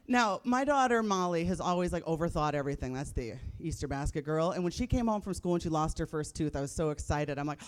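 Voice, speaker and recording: On a live comedy stage facing an audience, a stand-up comic in her thirties delivers blunt, profane material with wry punchlines. She talks fast in a low, expressive voice, with hardly any pauses.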